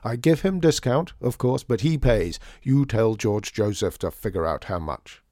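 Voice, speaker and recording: A man's voice: on the low side, expressive, moderate pace, warm tone, no room sound, clean studio sound, natural voice. A man voicing a stubborn, fuming male shopkeeper who speaks curtly and firmly. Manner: curt, firm.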